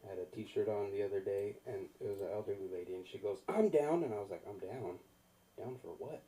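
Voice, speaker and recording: A man's voice: lowish voice, fairly even intonation, fast, warm tone. A man doing an open mic stand-up set in a small comedy club, telling self-deprecating stories and acting out voices. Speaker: stand-up comic. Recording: distant mic, faint room noise.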